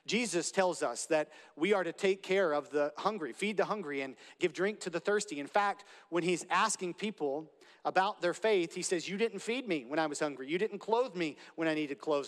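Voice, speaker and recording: A man's voice: a little high, moderate pace. A man preaching a sermon as pastor, earnest, repeating phrases to build emphasis. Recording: long reverb of a large hall.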